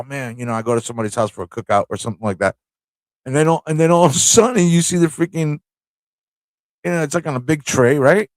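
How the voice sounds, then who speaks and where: A man's voice: mid-range voice, dry recording. Profane, rambling city-born male host. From New York City. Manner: rambling, laughing, profane storytelling. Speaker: show host. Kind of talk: casual live-stream chat.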